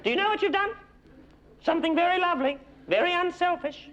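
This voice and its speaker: A man's voice: very high-pitched, animated, quick pace, muffled recording. Dame Edna, a gushing Australian superstar housewife played by a man. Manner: gushing, patronising, backhanded compliments. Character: gushing, condescending middle-aged housewife superstar woman. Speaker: stage comedian. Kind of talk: live stage comedy with audience banter. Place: theatre stage before a live audience. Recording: live theatre recording, loud audience.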